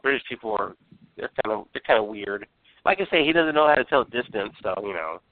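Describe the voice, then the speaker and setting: A man's voice: on the low side, lively intonation, quick pace, dry recording. A man hosting a podcast, chatting casually while ranting, rambling and swearing constantly. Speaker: podcast host. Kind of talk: profane casual chat. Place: San Antonio. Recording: phone-line call-in sound.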